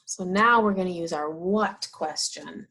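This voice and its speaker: A woman teaching young children, asking questions about farm animals and answering them in a drawn-out, encouraging way. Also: lowish voice, sharp tone. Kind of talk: slow, sing-song teaching of young children.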